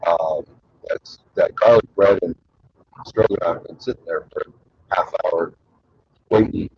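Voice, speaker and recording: A man hosts his own show, telling long rambling stories full of fillers and crude jokes. His voice is low and very husky. The recording sounds dry and a bit dull, like a lo-fi mic. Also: a little slow, no room sound. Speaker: show host. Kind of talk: casual rambling storytelling.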